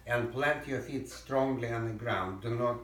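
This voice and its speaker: Male violin teacher, mid-pitched, barks corrections and hums rhythms; distant roomy recording with violin under him. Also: measured pace, fairly bright tone, faint music behind. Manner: sings rhythms and calls out commands over playing. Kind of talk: private music lesson coaching.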